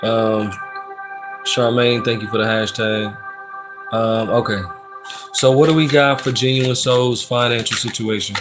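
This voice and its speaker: Man, live tarot reader, relaxed slangy talk, mid-range voice, music playing behind. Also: medium pitch, unhurried. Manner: laid-back and slangy, reads out chat and gives shout-outs. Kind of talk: casual live-stream tarot reading. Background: background music.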